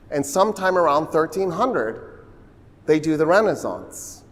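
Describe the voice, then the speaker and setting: A man giving a public history lecture with Q&A, talking in an animated, joking, conversational way full of asides and quick impressions. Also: on the high side. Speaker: university lecturer. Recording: reverberant hall sound.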